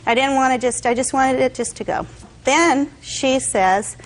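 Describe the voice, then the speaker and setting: A woman's voice: high voice, measured pace, low-quality recording. A woman testifying as a defendant in court, telling her side in long detailed stories and acting out what others said.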